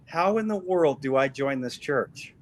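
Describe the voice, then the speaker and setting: A man's voice: mid-range voice, expressive, a little slow, rough recording. Middle-aged man, interview guest, earnest testimony, leans hard on repeated words. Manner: emphatic storytelling with repeated phrases. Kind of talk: personal faith testimony.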